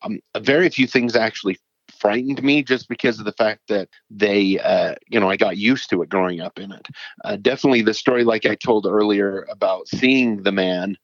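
A man's voice: lowish voice, normal speed, dry recording. A middle-aged man from Utah, a paranormal author, telling his stories in a casual, earnest and rambling way as an interview guest. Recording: dull lo-fi dry sound.

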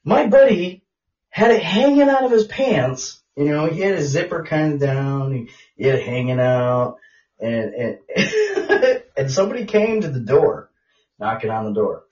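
A man co-hosting a podcast, telling crude stories in an animated way, laughing often and swearing a lot. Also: a little high, a little slow. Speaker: podcast co-host. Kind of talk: crude casual chat. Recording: roomy, distant, dull lo-fi sound.

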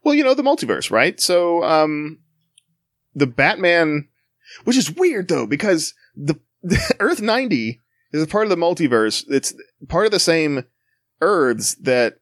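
A man's voice: a little high, big pitch swings, a little slow, fairly bright tone, no room sound, clean studio sound. A man co-hosting a podcast in casual chat, with wry, sarcastic humor. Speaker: podcast co-host.

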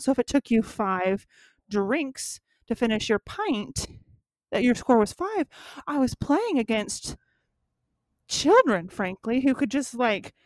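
A woman in her mid-thirties talks in a casual chat with her friend, rambling and laughing at herself. Her voice sits fairly high. The sound is close and dry, with no room around it. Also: no room sound. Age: 30s. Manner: rambling, self-mocking, laughs often. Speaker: podcast co-host.

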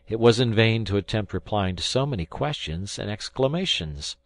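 Lively low-voiced man narrating a story. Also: normal speed, no room sound. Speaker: audiobook narrator. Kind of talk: scripted first-person narration.

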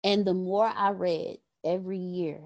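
A woman's voice: lowish voice, fairly even intonation, unhurried, a little mellow. A woman facilitating a leadership class call, talking earnestly about gratitude, often repeating words. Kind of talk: motivational talk. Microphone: phone or video call.

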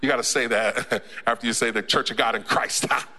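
A man preaching a sermon to his church in a relaxed, joking way, with laughs and frequent restarts. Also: medium pitch, brisk, background noise. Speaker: pastor. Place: church sanctuary. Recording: church hall with long reverb.

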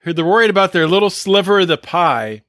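A man's voice: sits high, lively intonation, fairly quick, fairly bright tone, no room sound, studio quality. A man co-hosting a podcast, ranting bluntly and with exasperation in casual, profane chat. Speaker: podcast co-host.

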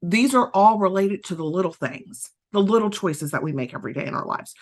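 A woman with a Southern US accent speaks in a casual motivational monologue. Her voice sits a bit low. She talks loosely and repeats herself, with plenty of fillers. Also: animated, brisk, few pauses. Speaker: podcast host.

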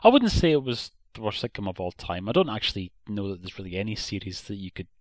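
A man's voice: fairly low pitch, very animated, quick pace, dry recording. An Irish man co-hosting a podcast, giving a blunt, opinionated critique in a casual chat. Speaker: podcast co-host.

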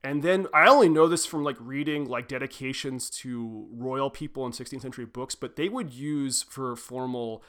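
A man's voice: mid-range voice, normal speed, hardly any pauses, fairly bright tone. A young adult man co-hosting a literary podcast, talking casually and loosely, with lots of "like" and restarts. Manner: rambling, self-correcting, frequent "like" and "um". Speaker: podcast co-host.

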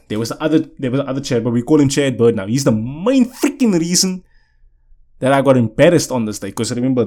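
Speaking at a medium pitch with a somewhat dark tone, the young vlogger recounts a story to viewers in a loose, wandering way. He keeps restarting his sentences and keeps checking in with "you know what I'm saying."

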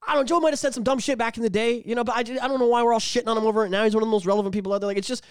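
A man's voice: very fast, smooth, no echo, clean studio sound. A man hosting a podcast in casual chat, swearing freely and acting out quotes. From Canada. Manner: animated, swears a lot, acts out quotes in high voices. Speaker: podcast host.

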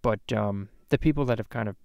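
A man's voice: on the low side, brisk, vocal fry, darkish tone, dry recording, muffled recording. A man hosting a comedy podcast, ranting and swearing in a rambling way with many restarts. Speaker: podcast host. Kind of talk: profane comedic rant. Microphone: podcast microphone.

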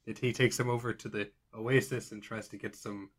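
A man's voice: on the low side, steady tone, fairly quick. A man narrating as game master for a tabletop game, in a casual, hesitant way.

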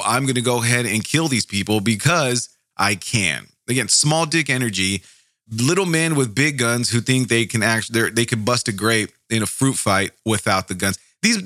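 A man's voice: medium pitch, pushed and bright, no room sound, clean studio sound. A man hosting a true crime podcast, reading case notes aloud and breaking off into profane, angry asides full of stammered restarts.

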